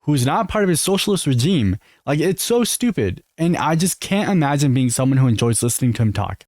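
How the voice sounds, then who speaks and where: Man, American, youtube commentary, opinionated, lively pitch, dry sound. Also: fairly quick, hardly any pauses, no echo. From United States. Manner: earnest, opinionated, talks to viewers. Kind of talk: reaction commentary.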